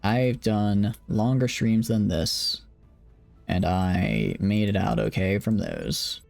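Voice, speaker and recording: Tired, creaky-voiced young man streaming games. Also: fairly low pitch, lively intonation, takes it slowly, darkish tone, faint music behind. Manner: rambling, joking, self-deprecating. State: tired, late at night. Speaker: game streamer. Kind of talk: casual live-stream commentary.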